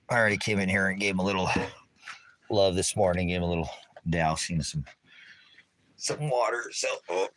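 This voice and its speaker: A man's voice: low-pitched, a bit bright, slight background noise. A man in a casual outdoor vlog, rambling as he walks through his garden and talks baby-talk to his cats. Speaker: ministry vlogger.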